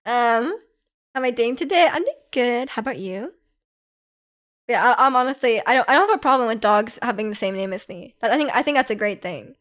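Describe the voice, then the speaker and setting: Chatty high-voiced young woman streamer. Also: animated, a little fast, a bit bright. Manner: chatty, rambling, many fillers and restarts. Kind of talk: casual chat with viewers.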